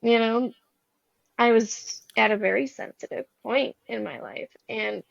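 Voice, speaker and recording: A woman's voice: fairly high pitch, unhurried, creaky, dry recording. A young woman talking as a guest, sharing a personal story in an earnest, rambling way. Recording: slightly dull recording.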